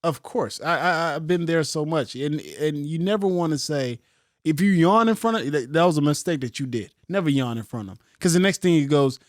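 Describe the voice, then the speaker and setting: A man's voice: a little high, a little fast, no echo, studio quality. A man co-hosting a podcast, joking in slangy casual chat about a reality show. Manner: joking, slangy, interjects often. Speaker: podcast co-host.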